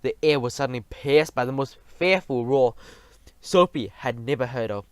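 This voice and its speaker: A man's voice: mid-range voice, normal speed, clear, resonant tone, dry recording. Man reading a children's story aloud. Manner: expressive, animated reading with slips. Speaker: audiobook reader. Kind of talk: storybook narration.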